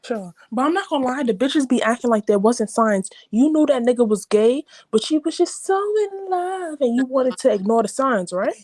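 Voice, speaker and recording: Brief: young New York woman, blunt and profane, lively high voice, dry close sound. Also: normal speed, few pauses, no room sound. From New York City. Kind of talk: casual chat.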